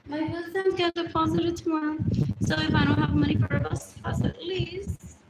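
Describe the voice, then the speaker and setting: A woman's voice: very high voice, steady tone, fairly quick. A woman talking alone on a phone livestream in a rambling way, repeating phrases and sometimes dropping to a whisper. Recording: echoey room with clear background noise.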